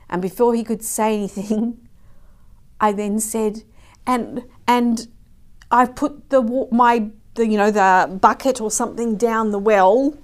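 A woman shares a faith story in a devotional talk. She speaks earnestly, and her voice drops to a soft hush at the tender parts. Her pitch sits in the middle for a woman. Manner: earnest storytelling, softening to a hush at moving moments. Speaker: Christian speaker.

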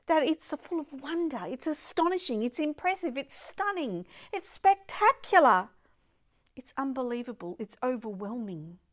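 An older woman giving an emphatic devotional talk, sometimes dropping her voice to a soft whisper. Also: sits high. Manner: expressive, piles up words of praise. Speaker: Christian devotional speaker.

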